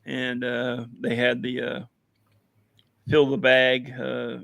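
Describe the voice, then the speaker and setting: A hoarse man chatting casually on a livestream as a veteran guest, rambling with many fillers and telling jokes. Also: mid-range voice, completely flat delivery, slow, a bit bright, no room sound. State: hoarse, losing his voice. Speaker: veteran guest running a coffee business.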